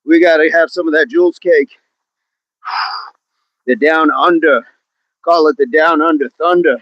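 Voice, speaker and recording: A man's voice: on the high side, a little slow, fairly bright tone, no room sound, highs cut off. A man hosting a live outdoor workout on a hill, exercising as he talks, counting down reps and greeting chat viewers by name. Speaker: fitness livestream host.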